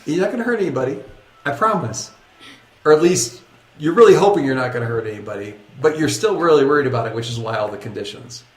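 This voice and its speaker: A man running a tabletop game as game master, narrating action in a lively, rambling way that keeps correcting itself. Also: medium pitch, fast, roomy sound.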